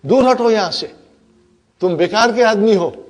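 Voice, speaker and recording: Bossy bragging particle, scolding and loud, voiced by a male teacher. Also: a little high, expressive, measured pace, breathy edge. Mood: scornful. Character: boastful pushy grammar particle, male.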